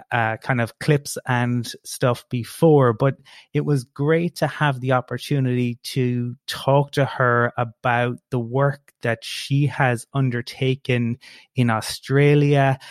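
A man hosting a podcast, wrapping up an interview and introducing the next guest in a measured, polished way. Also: medium pitch, no echo, clean studio sound. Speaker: podcast host.

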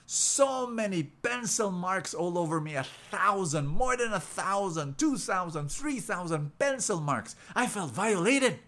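A gentle, patient marble statue, voiced by a man telling a parable. The voice is soft and confiding, with plenty of lift and fall in its pitch. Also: animated, a little slow, few pauses, exaggerated voice. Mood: aggrieved.

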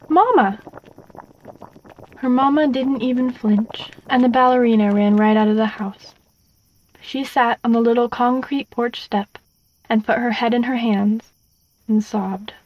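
Woman, storybook narration, expressive, slightly high voice, dry, muffled.

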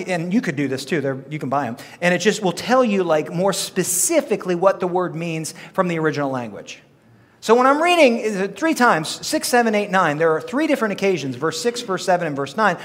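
A man's voice: a little high, fairly bright tone. A man preaching a sermon as pastor, talking to his congregation in a playful, conversational way. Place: church sanctuary. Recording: long reverb of a church hall.

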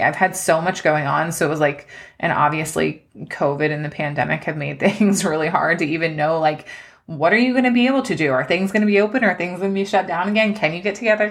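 A woman in her thirties hosting a personal podcast, talking earnestly and close to tears. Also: fairly low pitch. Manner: earnest, emotional, tearful at times. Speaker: podcast host. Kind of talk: personal life-update podcast.

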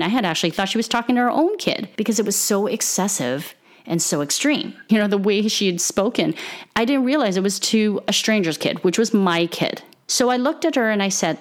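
A middle-aged mother telling a personal story in a casual monologue, acting out the people in it with big jumps in her voice. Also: lowish voice.

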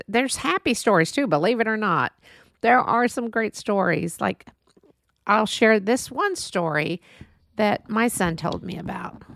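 A woman's voice: medium pitch, gravelly, no echo, studio quality. A middle-aged woman from Texas, telling a heartfelt story in a monologue and acting out the voices of the people in it. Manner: earnest, storytelling, acts out quoted voices. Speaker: podcast host.

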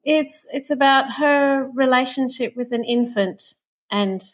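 A woman's voice: high voice, measured pace. A woman, a nature play educator, talking earnestly and thoughtfully as a guest in an interview. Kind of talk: casual interview chat.

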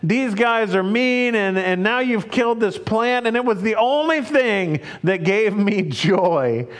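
A man's voice: high-pitched, animated, a little slow. A man putting on the voice of a petulant, sulking prophet who complains in a whiny tone. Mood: sulky.

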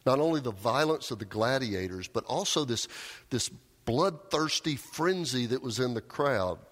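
A man preaching a sermon, telling a story with raised cries and quiet, low emphasis. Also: animated, moderate pace. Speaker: pastor. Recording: long hall reverb.

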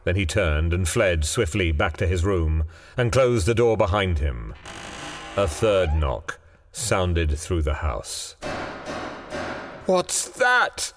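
A man narrating a ghost story in a hushed, suspenseful way. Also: sits low, lively intonation, slow, big-room sound, music in the background.

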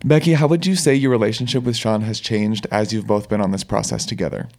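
A man co-hosting an interview, speaking in calm, measured phrases. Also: lowish voice, gravelly. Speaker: podcast co-host. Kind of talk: conversational interview.

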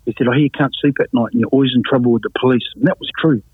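A guest telling his testimony speaks rapidly in a mid-range, steady, slightly rough voice with no echo. Recounting his life story casually, he acts out other people's voices and laughs often, over a tinny, phone-like, dry line.

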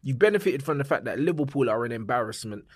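A man's voice: mid-range voice, animated, quick pace, slightly rough, no echo, clean studio sound. A young man trading blunt, mocking football banter on a podcast. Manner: blunt, mocking, slang-heavy. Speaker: podcast co-host.

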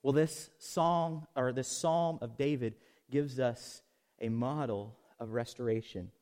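A man preaching a sermon, swinging from loud emphatic peaks to soft low asides and leading the congregation in call-and-response. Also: slow. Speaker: pastor. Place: outdoors.

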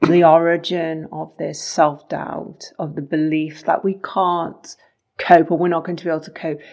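A woman's voice: deep voice, level tone, normal speed, a little mellow. A woman co-hosting a talk show, explaining ideas in a thoughtful, conversational way. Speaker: podcast co-host.

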